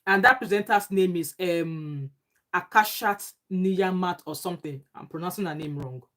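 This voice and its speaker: Animated Nigerian woman vlogging. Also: fairly low pitch, moderate pace. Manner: animated, emphatic and indignant, with pidgin phrases. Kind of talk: casual commentary. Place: home abroad.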